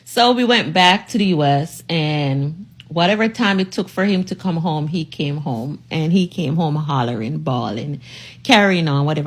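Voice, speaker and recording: A woman's voice: fairly low pitch, normal speed. Sassy woman telling her story. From United States. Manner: sassy, emphatic, addresses listener directly. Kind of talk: casual storytime to viewers.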